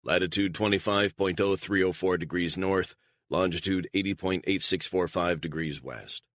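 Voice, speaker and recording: A matter-of-fact radio operator voiced by a man in a spy audiobook, reporting in a flat, precise tone. The voice is low. The recording is dry. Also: moderate pace, no room sound.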